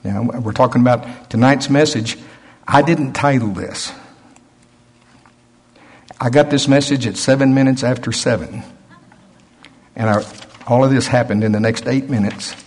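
Husky-voiced older male preacher. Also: medium pitch, measured pace, long pauses. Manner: folksy storytelling, acting out voices. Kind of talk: sermon.

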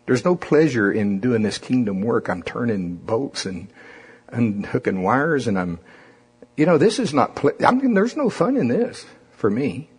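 A man's voice: medium pitch, big pitch swings, a little slow, slightly rough, exaggerated voice. A man voicing a discontented male astronaut who complains that his work brings him no pleasure. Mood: grumbling. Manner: grumbling, complaining.

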